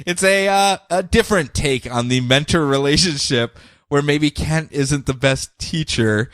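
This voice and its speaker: A man co-hosting a podcast who recaps comics in an animated, joking way, acting out scenes. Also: a little high, a little slow, dry recording, studio quality. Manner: animated, acts out scenes and laughs often. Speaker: podcast co-host.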